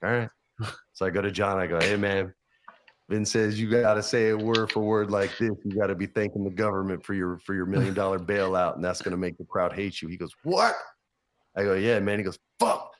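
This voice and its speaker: A man's voice: deep voice, fast talker. A man in his forties telling profane backstage stories in casual chat, acting out the other people's lines. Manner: animated, profane anecdotes, acts out others' lines. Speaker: podcast guest. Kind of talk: casual storytelling.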